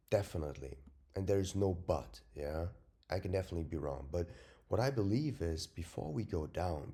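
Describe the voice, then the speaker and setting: Male host, deep mellow voice, unhurried casual chart talk, blunt and profane, loud warnings then whispers. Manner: swings from loud emphatic warnings to whispered asides; profane, blunt and self-mocking. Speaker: trading video host.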